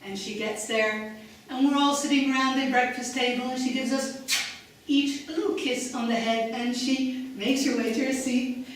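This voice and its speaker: A woman's voice: sits high, steady tone, moderate pace. A woman giving an inspirational talk on stage, telling a story in an emphatic way. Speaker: speaker. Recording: echoey hall from far off.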